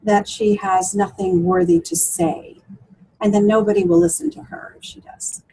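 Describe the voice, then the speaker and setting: A woman's voice: mid-range voice, big pitch swings, normal speed, creaky, warm tone, breathy edge, poor audio. A woman coach for women, talking through client stories in an interview with many fillers and restarts. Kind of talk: interview conversation.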